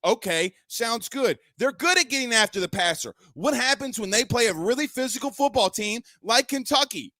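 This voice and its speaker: A man's voice: very high-pitched, animated, normal speed, few pauses, dry recording. A man hosting a sports show, ranting about his team's loss and raising his voice. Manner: ranting, shouting at times. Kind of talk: fired-up sports rant.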